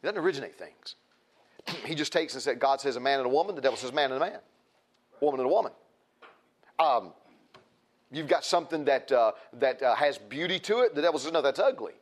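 A male preacher with a drawl delivers a church sermon. He talks in a plain, folksy way at a middling pitch, circling back to repeat his key words for emphasis. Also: expressive, brisk, long pauses. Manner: folksy, repetitive, building emphasis.

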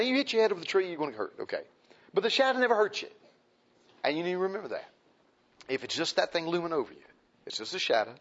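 A man preaches with a high, lively voice that rises and falls a lot, folksy and emphatic, circling back on his own words. The recording sounds dull and lo-fi. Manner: folksy, emphatic, repeats phrases. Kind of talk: sermon.

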